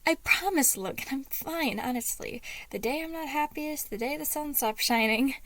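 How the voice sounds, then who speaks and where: Woman doing a nervous dad type, higher voice, sniffly and shaky, fake-cheerful. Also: moderate pace, fairly bright tone, slight background noise. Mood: forced cheer. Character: gentle fatherly man, anxious and tearful.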